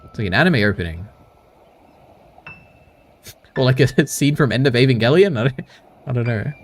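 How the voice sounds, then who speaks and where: A man's voice: mid-range voice, animated, moderate pace, a little hiss or hum. A man streaming casually, reading his chat aloud and bantering back with frequent chuckles.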